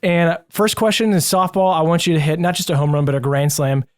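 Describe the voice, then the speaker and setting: A man's voice: a little high, fairly even intonation, fairly quick. A man hosting a podcast interview, upbeat, enthusiastic and jokey. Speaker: podcast host.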